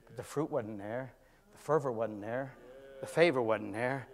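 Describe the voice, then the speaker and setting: An older man, a pastor, preaching a storytelling sermon that swings from quiet talk to shouting, in a church. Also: mid-range voice, normal speed. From California. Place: church sanctuary. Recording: church hall with long reverb.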